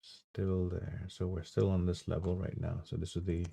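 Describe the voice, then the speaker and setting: Low gravelly man narrating his trades. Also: level tone, dark tone. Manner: thinking aloud, halting with restarts and fillers. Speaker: trading livestream host. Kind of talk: live trading commentary.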